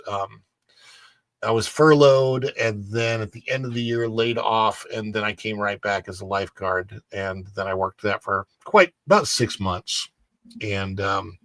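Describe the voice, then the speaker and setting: A man's voice: fairly low pitch, a bit bright, no echo. Rambling man on a dry studio mic. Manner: rambling, with many fillers and restarts. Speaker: podcast co-host. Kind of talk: casual chat and reading news.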